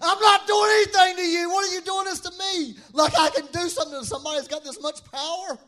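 A bewildered, indignant man, freshly knocked to the ground, shouts his questions in a strained, very high voice, as a preacher puts him on. He sounds outraged and unable to believe what is happening. The delivery stays loud and incredulous throughout. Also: steady tone, fast talker, soft background music. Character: bewildered, indignant man struck down by a blinding light.

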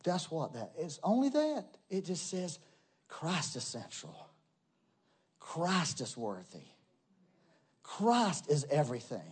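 Emphatic preacher with drawl. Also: male voice, husky. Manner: swings from loud emphatic bursts to soft low asides; conversational, addresses congregation directly. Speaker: pastor. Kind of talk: sermon.

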